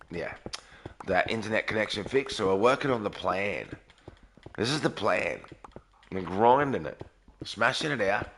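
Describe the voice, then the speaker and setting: A man live-streaming a game early in the morning from a garage, talking quietly and sleepily while reading out chat. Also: fairly low pitch, slight background noise. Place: garage with echo.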